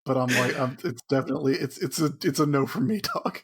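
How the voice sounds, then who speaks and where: A man co-hosting a podcast, chatting casually, making wry deadpan jokes and steering the show's segments. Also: mid-range voice, fast, gravelly, slightly rough. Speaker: podcast co-host.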